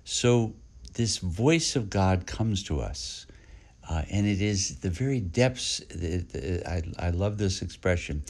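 A very low-voiced man, a priest speaking a homily for a podcast. He talks gently and reflectively, pausing and repeating phrases as he thinks. He sounds middle-aged. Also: expressive. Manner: gentle, reflective, with pauses and repetitions.

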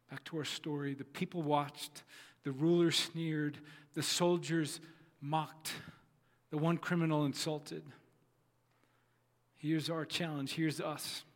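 A man's voice: a little high, long reverb tail. A man preaching a sermon as pastor, telling a story with earnest, repeated phrases.

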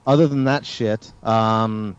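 A man's voice: lowish voice, steady tone, takes it slowly, clear, resonant tone. Teasing man in a lo-fi podcast chat. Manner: rambling, teasing, swears. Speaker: podcast co-host. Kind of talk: casual chat. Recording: dull lo-fi sound.

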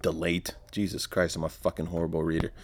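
A man's voice: low voice, monotone, a little fast, slightly rough, no echo, clean studio sound. A young man hosting a casual solo podcast, rambling and sarcastic, with frequent swearing and self-corrections. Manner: profane, rambling, sarcastic asides. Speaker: podcast host.

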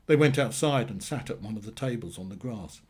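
Man, story narrator, animated pitch, steady reading. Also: fairly quick, slightly rough. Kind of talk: scripted narration.

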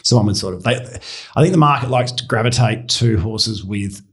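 A man's voice: fairly low pitch, slightly rough. An Australian man giving racing tips on a podcast, rambling casually about betting. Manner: rapid, rambling betting talk. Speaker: racing tipster.

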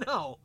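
A man's voice: extremely high pitch, background noise. A man co-hosting a casual movie commentary, joking around with crude, playful banter. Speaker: podcast co-host.

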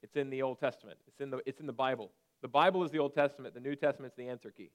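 A man in his thirties preaching a conversational sermon and at times breaking into sharp shouted commands. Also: medium pitch, fairly even intonation, rapid-fire. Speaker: pastor.

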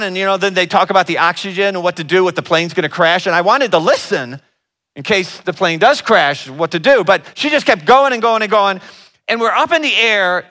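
Brief: relationship educator, animated storyteller, high and bright tone. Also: male voice. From Northern Ohio. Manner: animated storyteller with asides to the audience. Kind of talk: storytelling talk.

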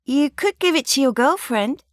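A woman's voice: high-pitched, expressive, moderate pace, no room sound, studio quality, pitched above the performer's own voice. A woman doing a cheeky young stall girl. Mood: cheeky, teasing.

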